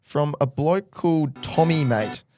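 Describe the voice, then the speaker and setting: A man's voice: on the high side, measured pace, darkish tone, faint music behind. A young Australian man co-hosting a podcast, chatting in a playful, mock-dramatic way. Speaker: podcast co-host. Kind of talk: casual chat.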